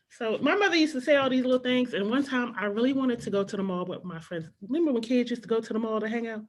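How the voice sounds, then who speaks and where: A woman's voice: a little high, lively intonation, quick pace, hardly any pauses. A middle-aged woman performing a stand-up comedy set on a club stage, telling childhood stories and acting out her mother and her younger self.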